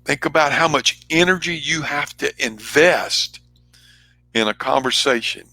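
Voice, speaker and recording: A man's voice: a little high, measured pace. Earnest man giving a motivational talk. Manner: earnest, emphatic, varies loudness and pace for effect. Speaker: speaker and trainer.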